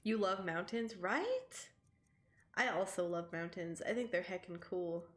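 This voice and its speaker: Slow-talking woman streamer, scratchy throat. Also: lowish voice, big pitch swings, a bit bright. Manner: chatty, swearing, laughing often. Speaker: game streamer. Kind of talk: casual live-stream chat while playing. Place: home streaming setup. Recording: roomy echo with game music behind.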